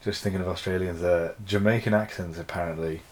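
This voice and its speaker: A man co-hosting a podcast in relaxed casual chat, often hesitating and hedging. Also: sits low, brisk. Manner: relaxed, hesitant, hedges with "I think". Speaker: podcast co-host.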